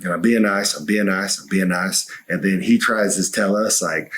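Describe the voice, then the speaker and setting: A man's voice: low voice, fairly quick, hardly any pauses, fairly bright tone. A man co-hosting a podcast, telling a long story in casual chat and swearing freely. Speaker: co-host.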